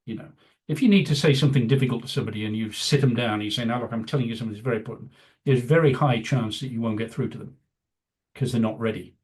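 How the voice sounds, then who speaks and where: Older male guest, rambling anecdotal storyteller, mid-pitched plain voice, casual interview. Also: very fast, darkish tone. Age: 70s. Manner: rambling, anecdotal, many "you know" fillers. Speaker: guest, veteran news executive.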